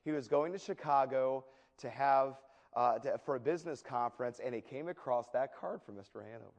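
A male preacher telling a story in a sermon, animated and often repeating words as he goes. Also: medium pitch, brisk. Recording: echoey hall with long reverb.

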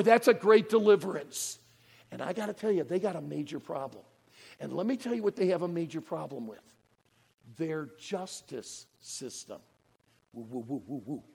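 A man preaching a sermon in a church auditorium, folksy and animated, pulling the congregation into call-and-response. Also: extremely high pitch, in a large hall.

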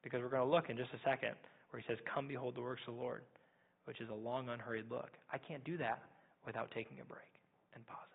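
A young man preaching a sermon as pastor, quick and energetic, often asking "right?". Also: mid-range voice, vocal fry, husky. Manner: fast-talking, energetic, repeats "right?". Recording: tinny phone-like sound.

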